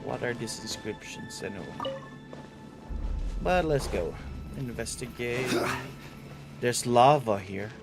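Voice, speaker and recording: A man's voice: medium pitch, lively intonation, takes it slowly, long pauses, music in the background. A man streaming a game, casually musing to himself about what to do next. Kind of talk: live gameplay commentary.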